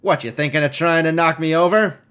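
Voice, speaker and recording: A man's voice: fairly high pitch, fairly quick, fairly bright tone, clear, resonant tone, voice pushed up, natural voice. A man voicing a boisterous, hungover middle-aged male cyber doctor who is cheerful and wisecracking.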